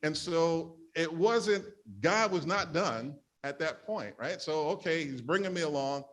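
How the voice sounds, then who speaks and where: Animated New man telling church stories. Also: fairly high pitch, measured pace. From New York. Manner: animated storytelling, acting out his own past complaints. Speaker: church member sharing testimony. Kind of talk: humorous personal testimony.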